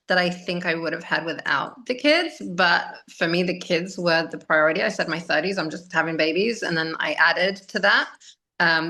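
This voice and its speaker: A woman's voice: lowish voice, gravelly, sharp tone. A woman in her thirties, a podcast guest, telling personal stories in a casual and emotional way, laughing often. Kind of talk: casual conversational storytelling.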